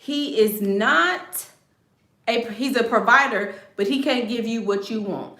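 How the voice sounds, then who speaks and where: A woman's voice: fairly high pitch, unhurried, a bit bright, echoey room. A woman hosting a casual livestream, giving blunt advice in a sassy, joking way and laughing often.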